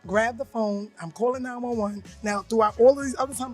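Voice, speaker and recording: Animated woman telling a personal story. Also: fairly high pitch, a little fast, soft background music. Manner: animated, blunt, acts out quoted voices. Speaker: podcast co-host. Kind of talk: casual chat, personal storytelling.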